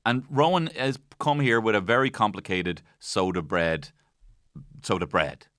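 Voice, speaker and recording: A man's voice: fairly low pitch, a little slow, fairly bright tone, dry recording. A man hosting a comedy podcast from a studio. He recaps an episode in a rambling, jokey way and swears freely. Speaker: podcast host.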